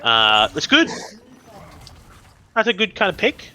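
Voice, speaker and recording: Excitable young man casting esports. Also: high voice, slow pace. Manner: excitable, rambling, trips over his words. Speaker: esports caster. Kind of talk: live game commentary.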